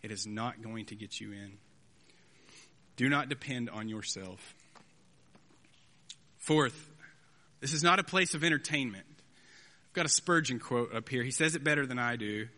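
A man's voice: mid-range voice, unhurried, long pauses, sharp tone. Man in his thirties preaching in a hall. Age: 30s. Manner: earnest, conversational preaching with rhetorical asides. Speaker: pastor. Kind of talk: sermon. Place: church sanctuary. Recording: long hall reverb.

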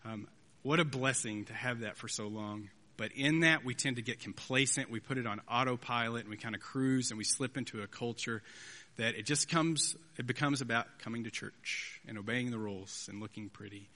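A man's voice: medium pitch, normal speed, bright, forceful tone. A man in his thirties preaching a sermon, earnest and conversational with rhetorical asides. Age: 30s. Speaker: pastor. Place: church sanctuary. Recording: long hall reverb.

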